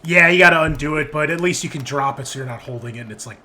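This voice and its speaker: A man's voice: on the high side, quick pace, sharp tone. A man running a tabletop game as game master, describing the scene to players in a loose, rambling way. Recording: tense background music.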